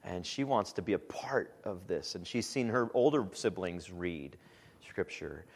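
Male pastor, lower voice, casual teaching talk, reverberant church hall sound. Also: unhurried, gravelly, slightly rough. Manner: relaxed and conversational, with frequent "um"s and animated quoted asides.

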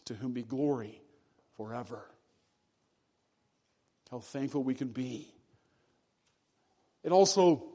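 A man preaching a sermon to his congregation, earnest and deliberate, slowing down and dropping his voice to stress key phrases. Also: mid-range voice, darkish tone. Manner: earnest preaching, slows and drops for emphasis. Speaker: pastor.

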